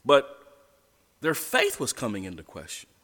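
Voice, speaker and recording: A man's voice: mid-range voice, huge pitch swings, moderate pace, fairly bright tone. A male pastor preaching a sermon in a church, talking conversationally and chuckling as he tells the story. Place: church sanctuary. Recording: long church reverb.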